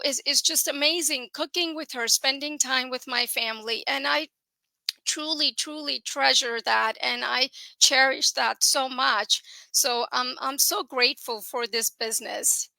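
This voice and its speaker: Middle aged woman, bright kinda tense voice, earnest and grateful, dry sound. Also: high-pitched, vocal fry, no echo, low-quality recording. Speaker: guest. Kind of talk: personal testimonial. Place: home.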